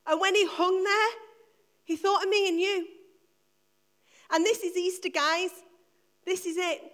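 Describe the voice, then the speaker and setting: Middle-aged woman preacher with a very high voice, storytelling Easter sermon with emphatic repetition. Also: a bit bright.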